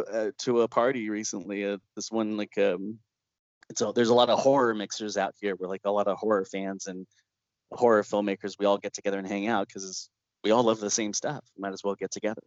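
The recording is dry with the highs cut off, carrying the fairly low voice of a man who makes horror films. Telling stories in a lively interview, he laughs a lot and performs the voices he quotes.

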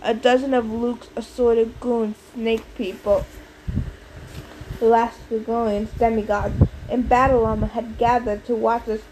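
A woman narrating an audiobook in a steady storytelling manner. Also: fairly high pitch, unhurried, background noise. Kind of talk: scripted narration.

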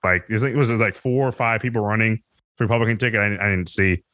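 A man's voice: on the low side, fast talker, fairly bright tone, no room sound. A man chatting casually on a podcast, rambling and swearing with lots of laughs. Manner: rambling, profane, laughs a lot. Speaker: podcast co-host or guest.

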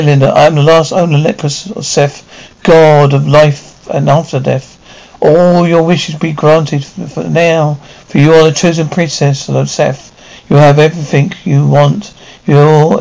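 A man's voice: on the high side, creaky, a little mellow, poor audio. A man reading the part of an ancient snake god of the dead, coaxing and commanding.

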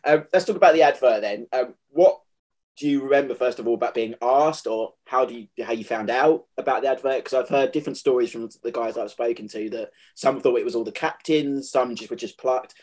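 A friendly man hosts a conversational interview, his voice at an ordinary middle pitch. He builds his questions slowly and loosely, circling before he lands on the point. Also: a little mellow. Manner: friendly, asks long rambling questions. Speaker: interviewer, host.

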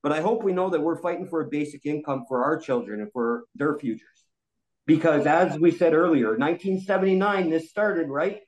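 A man in his forties vents his frustration in a heated podcast discussion. His voice sits a little high and he swears freely, with an angry, blunt, insistent tone. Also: fairly quick, poor audio. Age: 40s. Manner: angry, profane ranting. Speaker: roundtable guest.

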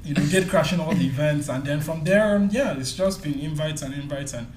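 A man from Nigeria telling stories in a casual interview, lively and quick to act out voices. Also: a little high, a little hiss or hum. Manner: lively storyteller, acts out voices and laughs often. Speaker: tech YouTuber and guest. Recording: roomy echo.

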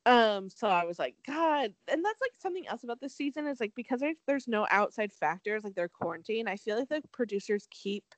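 Brief: young female podcast host, lively pitch, dry close sound, chatty and sarcastic. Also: fairly quick, hardly any pauses, dry recording. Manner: chatty, heavy use of "like", swearing, sarcastic. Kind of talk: casual recap chat.

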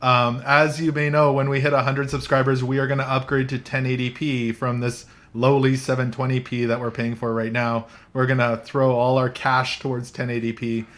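A man's voice: medium pitch, level tone, moderate pace, few pauses, fairly bright tone. Guy hosting a tech chat from a coffee shop, laughs a lot, chatty. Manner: chatty, laughs often, restarts sentences. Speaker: podcast host. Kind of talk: casual chat.

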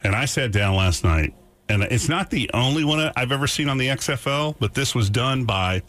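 A man's voice: medium pitch, lively intonation, moderate pace, a bit bright. A man co-hosting a radio show, chatting casually and rambling through stories with restarts. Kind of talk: casual morning radio banter.

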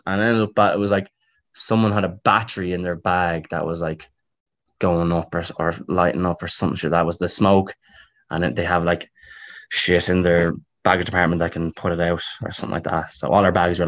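A man's voice: low-pitched, moderate pace, no room sound. Rambling Irish man on a lo-fi line. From Ireland. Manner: rambling, animated, swears freely. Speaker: podcast guest. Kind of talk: casual storytelling chat.

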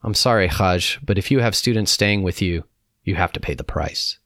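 A man's voice: low-pitched, moderate pace, a bit bright, no echo, clean studio sound. A man voicing a blunt male army captain who lectures villagers in a raised, preachy voice, as part of a read-aloud story. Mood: menacing.

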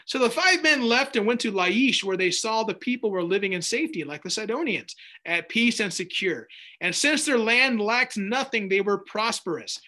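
Animated man teaching a Bible passage. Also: high-pitched, normal speed. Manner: animated, jokey asides while reading scripture. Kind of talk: casual Bible study teaching.

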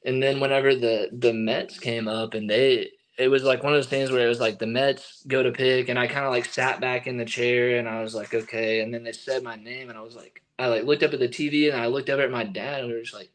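A young man tells a story in a loose, casual way, with filler words and snippets of quoted talk. His voice sits at an ordinary middle pitch. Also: little pitch movement, fairly quick, hardly any pauses, a little hiss or hum, poor audio. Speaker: baseball pitcher, interview guest.

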